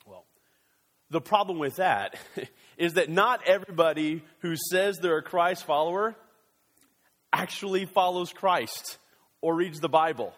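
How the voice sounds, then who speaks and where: A male pastor preaching a sermon in a church, animated and joking, with quick excited bursts. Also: on the high side, big-room sound.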